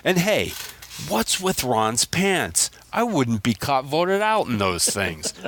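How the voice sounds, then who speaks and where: A man from Louisiana, a caller, reading out his prepared episode commentary in a wry, animated way. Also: medium pitch.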